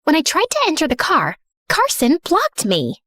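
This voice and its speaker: A young woman narrating her own animated story in first person, sassy, dramatic and sarcastic. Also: high voice, normal speed, dry recording, studio quality. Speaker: narrator and heroine.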